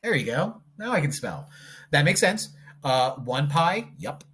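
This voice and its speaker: A man's voice: on the high side, sing-song, a little slow, fairly bright tone, breathy edge. A man teaching a math lesson on video, talking himself through each step as he draws graphs, with playful asides. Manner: jokey, talks to himself while working problems.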